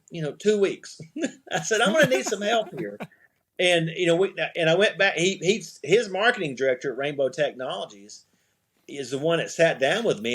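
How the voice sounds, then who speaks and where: A man's voice: on the high side, a bit bright. A middle-aged man, a podcast guest, telling a rambling story in a casual interview, restarting sentences and acting out quoted dialogue. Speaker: podcast guest, eyewear company owner.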